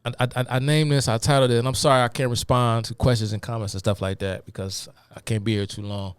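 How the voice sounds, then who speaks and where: A man's voice: mid-range voice, flat delivery, fast, clean tone, no echo. A man hosting a live stream, giving a rambling, casual lecture full of fillers and asides to his viewers. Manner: rambling, many fillers, addresses viewers as y'all. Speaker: host of a live talk stream.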